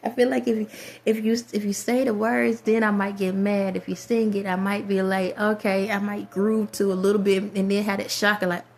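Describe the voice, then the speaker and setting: Soft-spoken reflective woman vlogger. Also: mid-range voice, level tone, normal speed. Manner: reflective, rambling, soft-spoken, trails off into whispers. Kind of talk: casual spiritual monologue.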